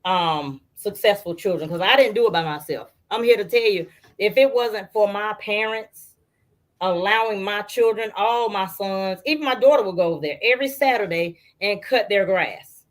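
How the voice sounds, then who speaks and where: A woman's voice: mid-range voice, normal speed. A middle-aged woman, a guest on an interview, telling family stories casually and acting out her relatives' voices. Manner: animated storyteller who acts out family members' voices.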